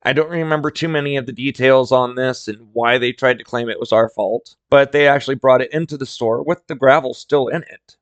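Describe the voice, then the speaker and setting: A man's voice: mid-range voice, a little fast, hardly any pauses, dry recording, dull audio. A man hosting a solo podcast, telling workplace stories in a candid, blunt way with casual swearing. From rural area. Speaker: podcast host.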